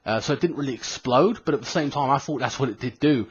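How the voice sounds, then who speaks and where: A man's voice: medium pitch, quick pace, slightly rough. A thirty-year-old British man with a British accent, telling a rambling, sweary story in a casual vlog, full of fillers and restarts. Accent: British English. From Britain. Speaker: gaming vlogger. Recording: dull lo-fi home recording.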